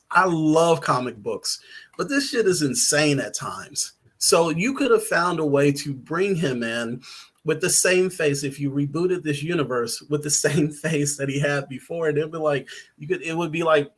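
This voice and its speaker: A man's voice: a little high, fairly bright tone, breathy edge. A man who is a writer and guest on a podcast, chatting casually, rambling with lots of ums and little laughs.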